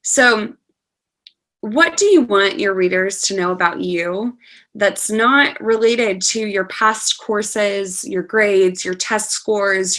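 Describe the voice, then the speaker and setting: Over a video call, a woman teaches an online class on writing scholarship essays, patiently reading a student's essay aloud. Her voice is mid-range and slightly bright, in the manner of an online lecture.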